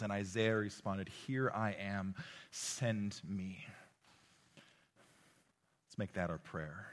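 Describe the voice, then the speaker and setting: A man delivering a sermon to a room of young people, his low-pitched voice swinging between loud, urgent exhortation and quiet, hushed lines. He often repeats words and restarts phrases as he speaks. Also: fairly even intonation, slow, long pauses. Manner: impassioned, rising and falling between loud exhortation and hushed tones. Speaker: preacher. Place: room with a live audience.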